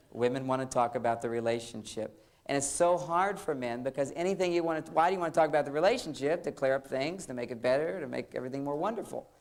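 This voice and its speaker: A man delivers a relationship seminar in an easy, joking way. He keeps slipping into quick impressions of husbands and wives to make his points. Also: fairly high pitch. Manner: joking, acts out quoted couples. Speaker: relationship lecturer. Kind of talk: humorous seminar talk.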